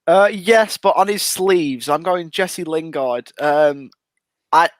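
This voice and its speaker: A man's voice: fairly high pitch, slow pace, no echo. A man co-hosting a casual panel chat who explains his pick hesitantly, with many ums and restarts. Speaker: co-host.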